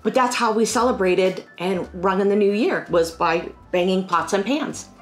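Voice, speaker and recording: A middle-aged woman from Pennsylvania chatting casually about family holiday memories in a rambling, animated way. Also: medium pitch, normal speed, soft background music. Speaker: financial firm staff. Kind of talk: casual personal storytelling.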